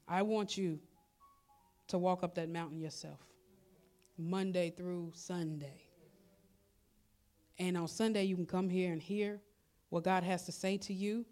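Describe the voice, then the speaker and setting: A woman's voice: fairly low pitch, darkish tone. A woman pastor preaching a sermon in a conversational, colloquial style, repeating her exhortations.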